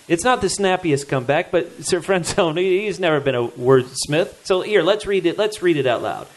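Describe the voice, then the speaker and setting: A man hosting a casual chat, animated and jokey, often quoting characters in put-on voices. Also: on the high side, normal speed, few pauses. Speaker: podcast host.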